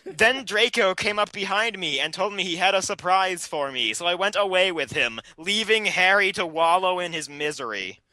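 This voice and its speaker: A young man reading a fan story aloud for laughs with sarcastic, quick-witted asides. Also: high-pitched, expressive, pushed and bright, no echo. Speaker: co-host.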